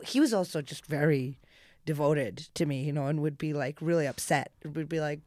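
A woman hosting a comedy podcast, jokey and animated, acting out what people said. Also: sits low, moderate pace, dry recording. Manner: animated, jokey, acts out quotes. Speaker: podcast host. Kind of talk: casual chat.

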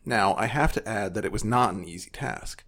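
A man's voice: lowish voice, brisk, a bit bright. A man co-hosting a casual podcast, reading online posts aloud with sardonic asides.

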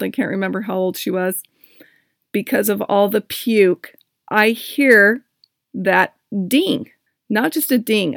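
A woman hosting a podcast, telling a personal story and giving self-help advice in a candid, expressive way. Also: on the high side, gravelly, dry recording, clean studio sound. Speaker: podcast host.

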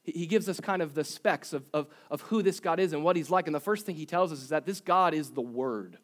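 A man's voice: a little high, brisk. A man preaching a sermon as pastor, conversational, with humorous asides and rhetorical questions. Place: church service.

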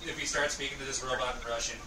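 A slightly drunk man trading crude jokes and quick comebacks on a podcast. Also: mid-range voice, steady tone, pushed and bright. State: a little drunk. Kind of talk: casual banter. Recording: distant and noisy.

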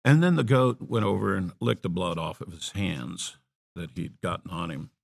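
At a moderate pace, this preacher speaks in a very low voice with a gravelly edge. His sermon unfolds as a narrative that rises to emphatic peaks and sinks back into soft asides, all in an off-the-cuff, conversational way.

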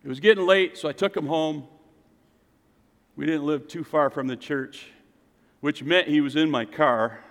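A middle-aged man preaching a sermon and telling a personal story, swinging from loud, lifted lines to hushed, quiet ones. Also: a little high, measured pace, pauses often. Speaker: pastor. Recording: long hall reverb.

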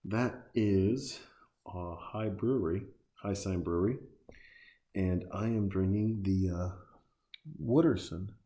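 A man's voice: low voice, takes it slowly, dark tone. A man giving casual, sarcastic and profane reaction commentary, talking back at the screen as he watches.

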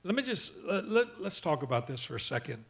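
A man preaching in a fairly high voice, emphatic and rhythmic. He reads scripture slowly and dramatically, then calls on the congregation to say the lines back to him. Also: sing-song, vocal fry, a bit bright. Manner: slows for dramatic scripture reading. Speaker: pastor. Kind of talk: sermon.

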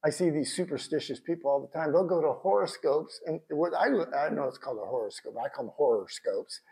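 A man preaching a sermon in a conversational, animated way, with bursts of shouted emphasis. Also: fairly high pitch, fast. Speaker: pastor.

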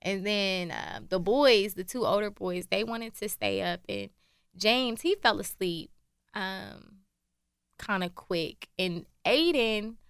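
A woman's voice: mid-range voice, slow pace, smooth, no echo, clean studio sound. A woman co-hosting a casual chat, telling stories with lots of laughter and acting out what others said. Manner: animated storyteller, acts out quotes, laughs often. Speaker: podcast co-host.

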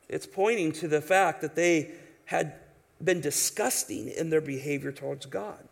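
A man's voice: a little high, measured pace, vocal fry. A man preaching an expository sermon in an emphatic, conversational way, asking his listeners rhetorical questions. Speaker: pastor.

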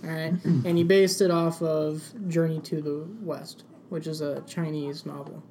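A man's voice: fairly high pitch, little pitch movement, unhurried, mellow, slight background noise. A man in a casual chat, laughing often as he explains things to his friends.

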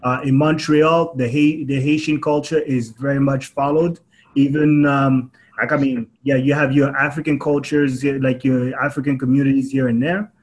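A man's voice: mid-range voice, level tone, normal speed, poor audio. A man co-hosting a podcast, explaining his view in casual discussion with many hesitant fillers. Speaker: podcast co-host.

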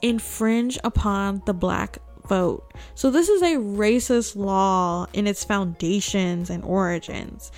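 A woman's voice: mid-range voice, takes it slowly, hardly any pauses, a little mellow. A woman hosts a political news commentary in a mid-range voice, with a faint bed of music behind her. She talks sarcastically and keeps firing rhetorical questions at her viewers. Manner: sarcastic, asks rhetorical "guess what" questions. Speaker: host.

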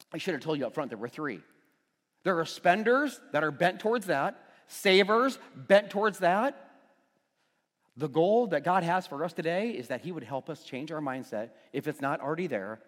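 A man preaching a sermon in a church, talking conversationally and joking with the congregation. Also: high voice. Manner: animated, conversational preaching with playful asides to the congregation. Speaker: pastor. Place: church sanctuary. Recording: long reverb in a big room.

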